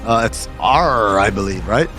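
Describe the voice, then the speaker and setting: A man co-hosting a casual sports chat, animated and sarcastic, ranting as he goes. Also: on the low side, a little slow, faint music behind. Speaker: co-host.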